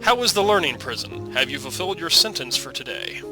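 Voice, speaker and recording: A man's voice: fairly high pitch, lively intonation, brisk, close to an everyday voice, poor audio. A man voicing a naive young alien queen who speaks in a stiff, formal, oddly literal way, over game music. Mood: curious.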